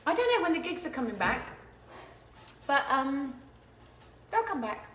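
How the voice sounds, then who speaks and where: A woman's voice: high voice, sing-song, measured pace, sharp tone. A woman hosting a home cooking stream, chatting in an easygoing, giggly way while she cooks. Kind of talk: casual chat while cooking. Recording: echoey room with faint noise.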